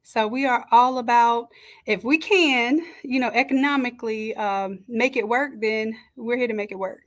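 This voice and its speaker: A woman hosting a live stream from a home setup, chatting and greeting each viewer warmly by name. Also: a little high, normal speed. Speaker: livestream host and design coach. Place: home setup with makeshift camera stand. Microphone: camera on a stand.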